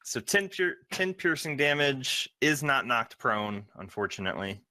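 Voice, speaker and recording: Bright, dry-voiced game master. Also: medium pitch, big pitch swings, unhurried, no echo. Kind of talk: running a tabletop game.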